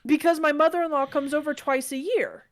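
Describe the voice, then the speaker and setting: A woman's voice: high-pitched, fairly even intonation, a little fast, dry recording, studio quality. A young woman co-hosting a podcast, chatting casually and joking with lots of laughter. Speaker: podcast co-host. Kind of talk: casual chat.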